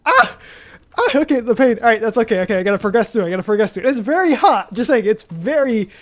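A man's voice: sits high, expressive, fast. Rambling young man narrating his gameplay. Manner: rambling, self-talking, swears mildly, frequent fillers and restarts. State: hot and sweating in a costume. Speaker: gaming YouTuber. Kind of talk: casual let's-play commentary. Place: hot bedroom.

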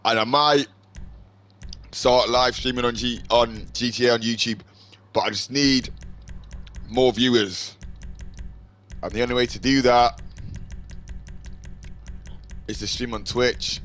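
A man commenting on his own game, flipping between shouted swearing and low muttering to calm himself. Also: takes it slowly, long pauses, faint music behind. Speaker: gaming streamer. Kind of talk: casual gameplay commentary.

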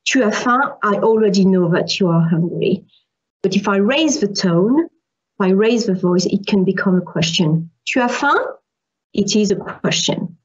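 A woman's voice: mid-range voice, moderate pace, a little mellow, slightly rough. Woman lecturer on dull lo-fi call audio. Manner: explains patiently with examples, repeats key points. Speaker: university language lecturer. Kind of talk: online French lesson.

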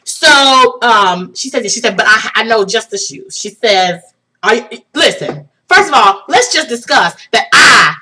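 A young woman telling an excited personal story for her vlog, laughing and swinging from hushed tones to shrieks. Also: fairly high pitch, measured pace, heavy background noise. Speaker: vlogger.

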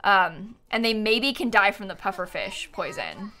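A chatty young woman streaming a game from her desk, her voice bright and clear. She swings up and down a lot as she talks and keeps breaking into giggles. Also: medium pitch, sing-song, unhurried. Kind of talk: casual live-stream chat while playing a life-sim game.

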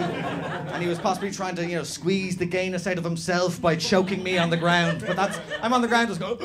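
Young Irish stand-up, animated and sweary, slightly high voice, live club with audience laughter. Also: male voice, quick pace, a crowd in the background. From Ireland. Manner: animated, swearing, shouted impressions. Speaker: stand-up comedian. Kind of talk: stand-up comedy set. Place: small comedy venue with live audience.

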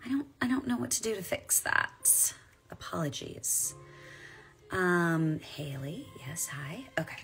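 A woman's voice: fairly low pitch, big pitch swings, measured pace, gravelly, fairly bright tone, soft background music. A woman in her forties, a voice actress chatting casually on a live stream while signing autographs and reading fan comments aloud. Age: 40s.

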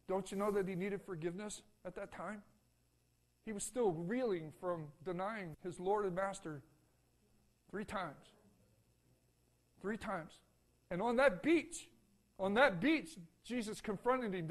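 A man preaching a sermon in a church, folksy and repetitive, swinging between loud calls and soft, hushed lines and asking for an "Amen". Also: sits high, measured pace, long pauses. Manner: folksy, repeats phrases, asks the congregation "Amen?". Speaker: pastor.

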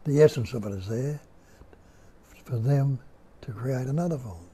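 Starszy mężczyzna z australijskim akcentem, ciemny głos. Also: male voice, medium pitch, dark tone, a little hiss or hum. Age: older. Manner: slow, musing, asks listeners rhetorical questions. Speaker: spiritual teacher. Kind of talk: unhurried nondual teaching talk. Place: indoor room at home.

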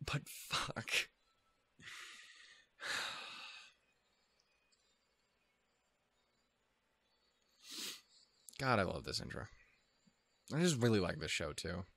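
Low-voiced man swearing through anime reactions. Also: sing-song, brisk, vocal fry, long pauses, a bit bright, dry recording. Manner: profane, self-deprecating, easily flustered. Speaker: anime reaction video host. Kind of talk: casual rambling commentary.

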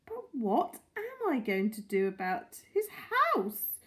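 A woman voicing an excitable, doting older lady who gushes over her pet tortoise. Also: a little high, slow, pitched above the performer's own voice, exaggerated voice. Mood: worried. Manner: gushing, squealing with delight.

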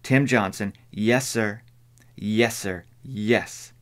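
A man's voice: on the low side, extremely slow. A man voicing a stern older woman housekeeper, speaking urgently and emphatically.

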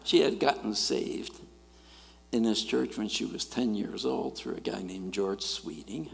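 A middle-aged man, preaching a sermon and telling stories in an animated way, swinging between loud and quiet. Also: lowish voice, unhurried, gravelly. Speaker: guest preacher. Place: church sanctuary. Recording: church hall reverb.

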